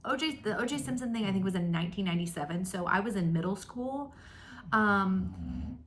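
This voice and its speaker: A woman's voice: medium pitch, expressive, fairly quick, slight background noise. A woman in her thirties hosting a casual stitching vlog, chatting in a rambling, self-deprecating way with lots of ums. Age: 30s. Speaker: flosstube host. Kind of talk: casual chat to camera. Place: home craft room.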